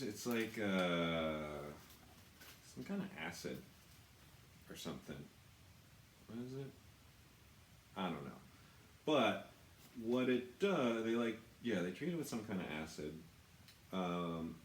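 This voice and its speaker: A deep-voiced tattoo artist from the United States walks through the supplies in his shop in a casual, rambling way. He swears plenty and runs himself down. The room echoes and there's some slight background noise.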